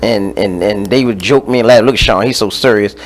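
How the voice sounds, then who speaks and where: A man's voice: on the low side, fairly quick, low-quality recording. A man guest on a radio talk show, speaking in an earnest, reflective way. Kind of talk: casual radio chat.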